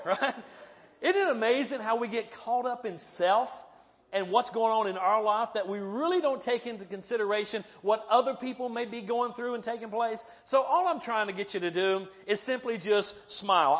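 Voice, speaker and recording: A male pastor preaches with a high voice, spinning stories and often turning to the congregation with "right?" and "okay?". His voice rings with a long reverb through a church hall, and the audio is dull and muffled. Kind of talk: sermon.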